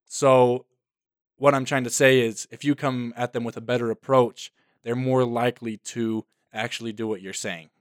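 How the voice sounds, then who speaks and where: A man's voice: medium pitch, steady tone, moderate pace, no room sound. Reflective man on a dry mic. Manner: reflective, speaks from his own view. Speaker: podcast co-host. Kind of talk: casual advice chat.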